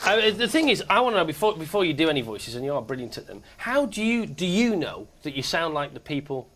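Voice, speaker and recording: A chat show host asking eager, rambling questions in a chummy way. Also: male voice, fairly high pitch, sing-song, quick pace. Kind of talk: lively TV chat show hosting. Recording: 1990s TV studio with audience and hiss.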